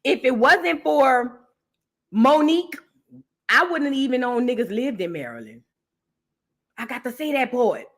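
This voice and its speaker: A woman's voice: high-pitched, big pitch swings, a little slow, long pauses, a bit bright. A woman hosting a casual gossip show, chatty and teasing as she rambles on. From Southern United States. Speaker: host.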